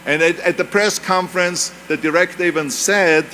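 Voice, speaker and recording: A man's voice: high voice, fairly even intonation, normal speed, bright, forceful tone, a little hiss or hum. A man in his seventies, a native German speaker with a German accent, gives an emphatic, anecdotal motivational speech with self-mocking humor at a university event. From Europe. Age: 70s.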